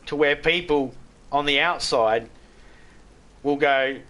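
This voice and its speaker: A man's voice: fairly high pitch, takes it slowly, fairly bright tone. A middle-aged Australian man chatting bluntly with viewers on a live game stream, swearing freely and stumbling over restarts. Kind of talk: casual live-stream chat.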